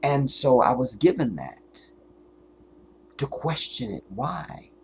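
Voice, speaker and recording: A man hosting his own livestream, speaking in an emotional monologue. He sounds fervent and tearful as he holds back crying, often halting and dropping to a whisper. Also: mid-range voice, very animated, gravelly, breathy edge. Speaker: livestream host.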